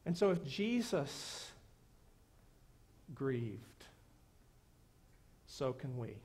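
A man pastor delivering a sermon in a church, earnest and emphatic, repeating key phrases slowly. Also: medium pitch, big pitch swings, darkish tone, husky. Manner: earnest preaching with slow, emphatic repetitions. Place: church sanctuary.

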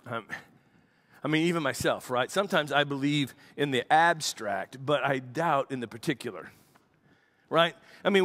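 A man, a pastor, preaching a sermon and telling a story with lively acted-out quotes. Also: on the high side. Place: church.

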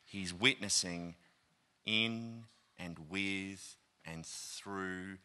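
An Australian man preaching a sermon, telling a story with lively asides, acted-out quotes and plenty of ums and uhs. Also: low voice, extremely slow, smooth. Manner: animated, acts out quoted voices, many fillers. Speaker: pastor. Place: church auditorium.

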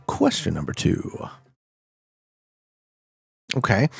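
A man streaming a geography guessing game, chatting to viewers with loud hype bursts and quiet muttering while he thinks. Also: medium pitch, big pitch swings, normal speed, creaky, dry recording, studio quality. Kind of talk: casual gameplay commentary.

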